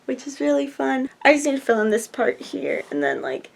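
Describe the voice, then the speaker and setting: Chatty young woman with vocal fry. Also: sits high, sing-song, moderate pace. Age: 20s. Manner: chatty, upbeat, lots of "like" fillers. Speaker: book vlogger. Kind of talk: casual vlog chat. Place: bedroom at home. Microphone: camera on the bed.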